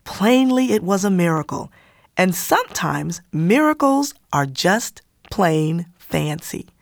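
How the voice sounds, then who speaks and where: A woman reading a children's story aloud in an expressive, animated way. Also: on the low side, takes it slowly, vocal fry, dry recording, studio quality.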